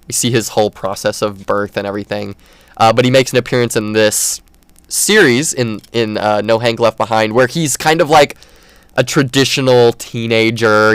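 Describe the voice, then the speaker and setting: A man's voice: on the low side, clear, resonant tone, no room sound. A man hosting a podcast, chatting casually and enthusiastically, rambling with many fillers. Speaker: podcast host. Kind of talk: casual chat.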